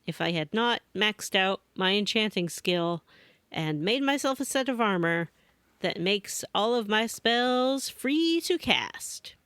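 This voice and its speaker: A woman co-hosting a casual gaming podcast, telling her playthrough as an animated storyteller who slips into mock voices for the characters. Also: medium pitch, takes it slowly, smooth, no echo. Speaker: podcast co-host.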